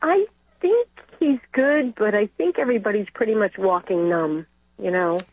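A woman's voice: mid-range voice, lively intonation, moderate pace, no room sound. An older woman calling in to a radio show, emotional and close to tears as she talks. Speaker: caller. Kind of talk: phone-in call. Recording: husky, dry, tinny phone line.

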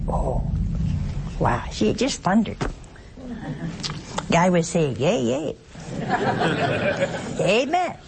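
A woman's voice: medium pitch, big pitch swings, very slow, vocal fry, long pauses, very noisy. An older woman, a nun, giving a folksy, playful spiritual talk on a call-in television program in a studio, chuckling often between points.

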